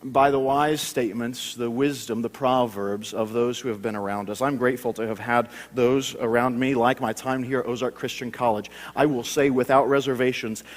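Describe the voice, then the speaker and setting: A man's voice: mid-range voice, steady tone, moderate pace, few pauses, in a large hall. A man in his thirties preaching a sermon, telling family stories with frequent stammered restarts.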